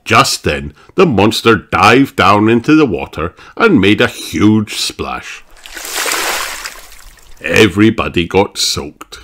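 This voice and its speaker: A man reading a children's picture book aloud, slow and expressive. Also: lowish voice. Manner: slow, expressive, sing-song. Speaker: storybook reader.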